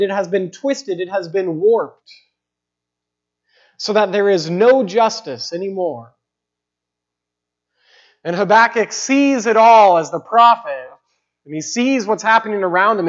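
A pastor preaching an earnest sermon, emphatic and with slow dramatic pauses. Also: male voice, high voice, dull audio.

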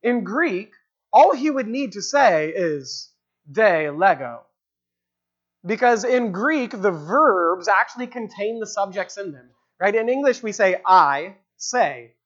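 Slow and expressive at a medium pitch, this preacher works through an expository sermon, unpacking the text's original language and repeating key phrases to stress them. The recording sounds dull and lo-fi.

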